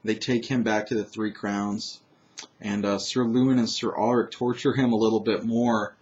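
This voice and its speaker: A man's voice: fairly low pitch, level tone, normal speed, a little mellow. A man casually recapping a tabletop game session, rambling, with many fillers and restarts. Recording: dull lo-fi recording.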